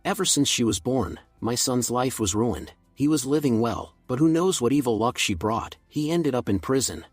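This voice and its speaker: A man's voice: mid-range voice, lively intonation, normal speed, husky, no echo, faint music behind. A man voicing a spiteful old grandmother who hurls insults. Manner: shouting, spiteful.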